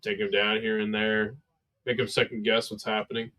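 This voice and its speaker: A man's voice: fairly low pitch, flat delivery, moderate pace, sharp tone. Tired, cursing man calling fights casually. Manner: tired, laid-back, swears a lot. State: sleepy. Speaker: livestream fight commentator. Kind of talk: casual live play-by-play commentary.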